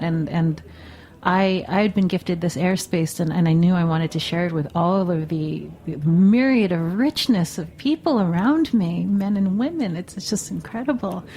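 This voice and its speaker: Casting: lower-pitched woman host, effusive and grateful, casual radio chat. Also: darkish tone. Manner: effusive, thankful. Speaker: podcast host.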